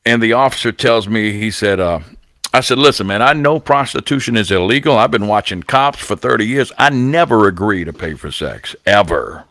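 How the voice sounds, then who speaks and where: Animated, profane man telling a story. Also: fairly low pitch, moderate pace, no echo. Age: 40s. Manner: animated and profane, acting out voices as he tells it. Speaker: radio personality and guest. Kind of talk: storytelling anecdote on a talk show.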